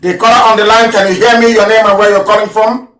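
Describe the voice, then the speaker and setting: A man with a high, bright voice runs a live call-in session. He repeats each caller's name and keeps telling them to go ahead. The sound is echoey, as if he is sitting back from the mic. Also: little pitch movement, fast, recorded from a distance. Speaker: host taking callers. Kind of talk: live call-in question and answer.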